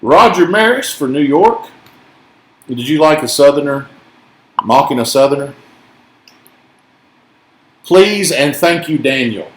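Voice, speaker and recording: A man's voice: a little high, animated, slow pace, long pauses, a bit bright. A man from Tennessee with a mild Southern accent, hosting a casual card-break chat and joking as he calls out each card. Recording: echoey room.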